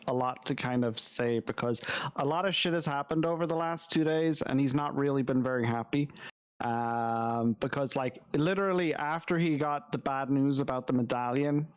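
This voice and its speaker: A man's voice: medium pitch, moderate pace, smooth, poor audio. A man with a Yorkshire accent chatting casually as a player in a tabletop game, rambling and laughing often.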